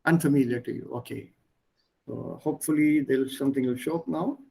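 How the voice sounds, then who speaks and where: A man teaching a language lesson online, explaining word pairs patiently with pauses. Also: medium pitch, gravelly, warm tone, breathy edge, poor audio.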